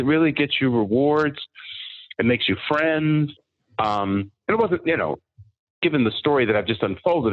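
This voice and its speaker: Storytelling man on a tinny line. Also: mid-range voice. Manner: animated anecdotal storytelling. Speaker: podcast guest. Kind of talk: casual storytelling.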